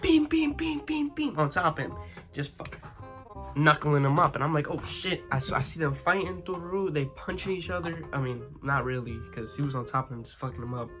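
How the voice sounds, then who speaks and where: A man's voice: a little high, a little fast, bright, forceful tone, soft background music. A young man telling a school story in a casual, rambling, profane way, full of "you know what I'm saying.". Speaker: vlogger.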